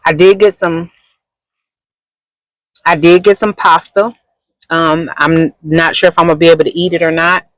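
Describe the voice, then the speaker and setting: A woman's voice: on the low side, steady tone, normal speed, pauses often, fairly bright tone, dry recording, poor audio. A woman content creator talking casually in a rambling, chatty vlog from inside a car, eating as she goes. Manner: rambling and chatty, many fillers; talks while eating.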